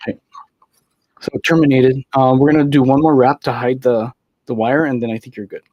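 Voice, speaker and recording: A man calmly explaining jewelry wirework as he demonstrates, speaking quietly. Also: mid-range voice, brisk, no room sound, lo-fi sound. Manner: quiet, steady, explains as he works. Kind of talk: calm how-to instruction.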